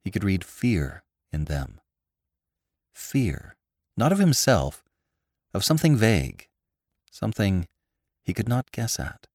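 A man narrating a classic story for a podcast in a measured, expressive storytelling manner. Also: lowish voice, no echo, clean studio sound. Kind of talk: audiobook narration of classic fiction.

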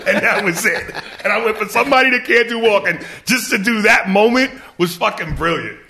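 A comedian in casual podcast chat, swapping movie impressions and laughing a lot. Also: male voice, sits high, a little fast, creaky, background noise. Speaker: comedian guest.

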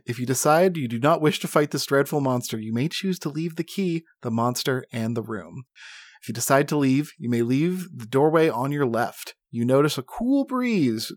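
A man narrating a gamebook for his friends, reading with drama and jokey asides. His voice is mid-pitched and sits close and dry on the mic, with no room sound. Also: lively intonation, moderate pace, dry recording. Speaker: game narrator.

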